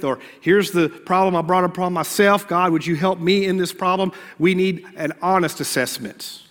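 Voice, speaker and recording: A man preaches a sermon in a high, bright voice. He keeps it conversational, slipping into little acted prayers and asides. Long reverb from the church hall hangs on his words. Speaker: pastor.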